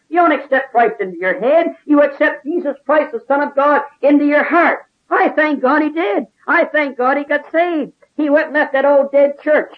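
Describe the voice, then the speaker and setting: A man giving a fervent testimony sermon as an ex-convict evangelist, preaching in a repetitive, rhythmic cadence. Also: extremely high pitch. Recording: dull lo-fi recording.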